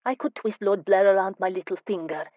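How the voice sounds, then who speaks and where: A woman narrator voicing a spirited, teasing young woman in an audiobook, speaking with lively, emphatic delivery. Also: medium pitch, fairly quick, no room sound, phone-quality sound, lightly acted. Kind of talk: audiobook character voice.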